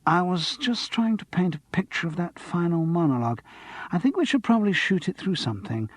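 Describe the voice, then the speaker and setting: A man voicing a dreamy, languid male TV director in an audiobook, speaking slowly and vaguely. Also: sits high, big pitch swings, no echo, voice pushed up. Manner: slow, vague, drifting.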